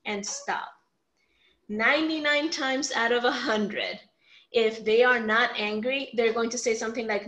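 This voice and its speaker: A woman's voice: on the high side, unhurried, rough recording. A woman teaching a workshop on family communication, acting out example lines and checking in with "right?" often. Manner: animated, acts out example lines, frequent "right?" check-ins. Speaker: communication coach.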